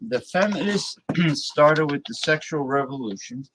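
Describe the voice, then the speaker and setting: A man's voice: on the high side, animated, a little slow, noisy background. A man hosting a live-stream talk show, ranting bluntly and scornfully as he reacts to his viewers' chat.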